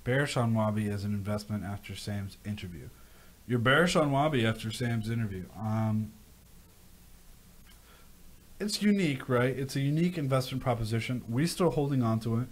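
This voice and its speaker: On his casual crypto livestream, a man reads viewer questions aloud and goes off on animated, rambling rants, repeating phrases often. He speaks at normal speed in a mid-range voice.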